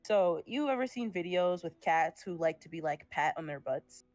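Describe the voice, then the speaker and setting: Young woman, low-pitched, casual streamer chatter, dry close sound, faint music behind. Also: animated, moderate pace, darkish tone, no echo. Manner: chatty, laughing, swearing casually. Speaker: streamer making art. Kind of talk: casual chat while drawing.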